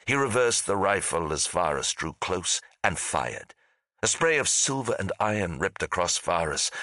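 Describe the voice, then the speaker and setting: A man narrating a fantasy audiobook in a dramatic, lively storytelling manner. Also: low-pitched, dry recording, clean studio sound. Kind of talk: scripted narration.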